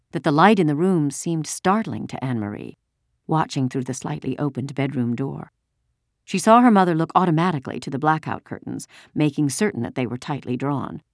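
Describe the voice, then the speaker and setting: A woman narrating a story in a steady, measured reading. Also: a bass voice, no room sound, studio quality.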